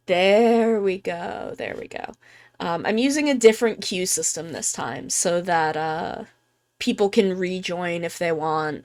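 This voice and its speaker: A woman streamer chatting casually while giving tarot readings, joking about herself and swearing freely, speaking softly and close to the mic. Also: fairly low pitch. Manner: soft, quiet near-ASMR voice close to the mic. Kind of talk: casual live-stream chat. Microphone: close microphone.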